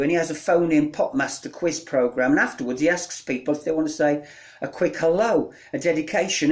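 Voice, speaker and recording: A man performing comic verse and spoken word, with deadpan delivery that rattles off long lists. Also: on the high side. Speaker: comic poet.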